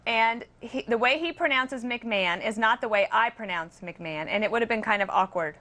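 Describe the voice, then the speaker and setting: A woman's voice: fairly high pitch, normal speed, bright, forceful tone. A woman guest on a late-night panel, speaking in a thoughtful, hesitant way in a TV studio. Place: television studio.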